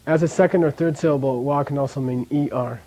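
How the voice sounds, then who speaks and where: In poor-quality audio, a man with a medium-pitched, warm voice teaches a language class at a fast clip. He patiently repeats sounds for his students during drills, chuckling now and then as he explains.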